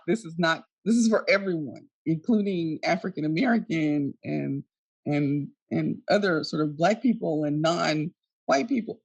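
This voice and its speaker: Woman lecturer, earnest and halting, lots of ums and restarts, dead dry sound. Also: deep voice, darkish tone, no echo. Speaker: neuroscience lecturer. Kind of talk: recorded conference talk.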